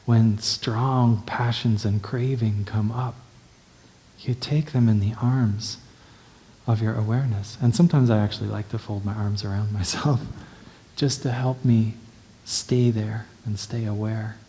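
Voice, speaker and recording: A male meditation teacher giving a dharma talk in a gentle, unhurried way, often checking in with the listener. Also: on the low side, steady tone, slight background noise.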